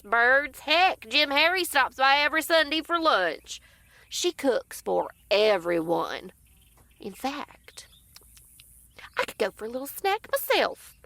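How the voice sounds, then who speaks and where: A scheming real-estate cat, played by a woman in an audio comedy, salesy and conspiratorial. Her voice is high and bright, bouncing up and down. Dry, close recording. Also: no room sound, full character voice.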